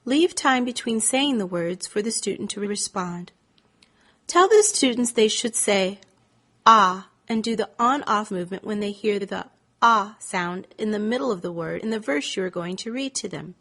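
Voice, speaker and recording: A woman reading scripted teaching instructions as a reading teacher, sounding out vowels in a deliberate, drawn-out way. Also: medium pitch, animated. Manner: slow, deliberate, stretched-out vowel demonstrations.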